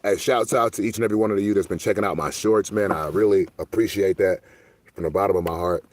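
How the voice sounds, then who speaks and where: A man from Milwaukee, a streamer, telling stories in a loose, animated, profane way. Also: deep voice, quick pace. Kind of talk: casual storytelling monologue.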